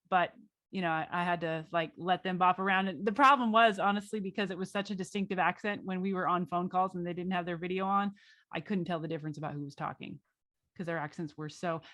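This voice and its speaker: A woman hosting a podcast in casual chat, telling work stories in an animated way and acting out her own reactions. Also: lowish voice, a little fast, dry recording, clean studio sound. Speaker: podcast host.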